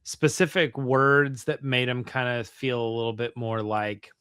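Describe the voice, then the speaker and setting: A man's voice: medium pitch, unhurried, pushed and bright, smooth, no room sound, studio quality. A man co-hosting a podcast who muses aloud in casual chat and asks questions with lots of hedging fillers. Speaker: podcast co-host.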